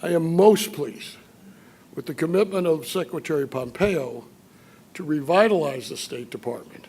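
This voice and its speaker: An older man from Chicago giving an after-dinner speech, telling anecdotes with dry humor and filler pauses. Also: fairly high pitch, a little mellow, slightly rough. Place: banquet hall at a dinner event.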